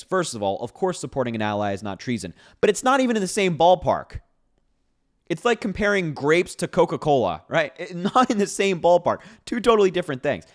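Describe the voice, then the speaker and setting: A man with a slightly high voice offers casual political commentary to camera, reacting to posts. He sounds sarcastic and incredulous, laughing between his points.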